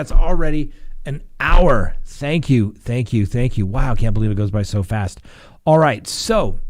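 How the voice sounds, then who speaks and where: Animated male lawyer telling courtroom stories. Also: mid-range voice. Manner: animated storyteller acting out courtroom voices. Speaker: defense attorney and live show host. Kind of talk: casual live-stream storytelling.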